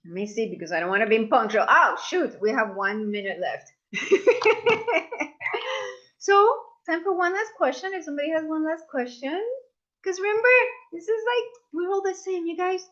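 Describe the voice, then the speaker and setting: A woman leading a live masterclass, talking warmly to her audience and acting out the voices people use on themselves. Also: sits high, normal speed, muffled recording. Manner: expressive, acts out inner voices, addresses audience as "you guys". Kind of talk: live online masterclass talk.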